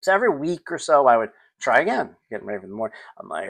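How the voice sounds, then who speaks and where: A middle-aged man talks through a relaxed solo podcast, his pitch swinging widely as he retells family moments. He drops into quick acted-out voices and bits of children's songs along the way. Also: gravelly, husky. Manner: animated, acts out scenes, sings snippets. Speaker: podcast host. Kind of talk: casual solo podcast storytelling.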